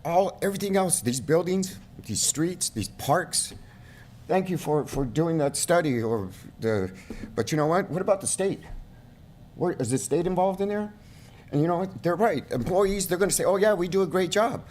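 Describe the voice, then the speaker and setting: A middle-aged man giving an emotional public comment at a county board meeting, his voice rising toward shouting at its peaks, speaking at a podium microphone. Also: a little high, expressive, moderate pace, slight background noise. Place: council chamber.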